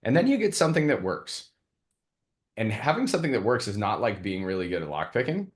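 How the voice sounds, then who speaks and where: A man's voice: fairly low pitch, big pitch swings, fairly quick. A man co-hosting a casual business show, telling stories in a laid-back way and swearing now and then. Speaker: co-host.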